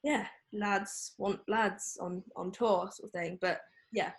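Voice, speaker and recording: A woman's voice: medium pitch, fairly even intonation, slow pace, slight background noise. A young woman, a photographer speaking as a guest in a casual interview, chatty and full of fillers. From England. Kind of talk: casual interview over a call.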